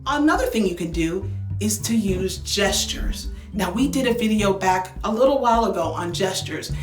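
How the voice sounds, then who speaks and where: A woman's voice: medium pitch, animated, normal speed, echoey room, soft background music. A woman who is a speech language pathologist, giving upbeat, coaching advice to parents and demonstrating with exaggerated tones. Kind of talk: instructional talk to parents.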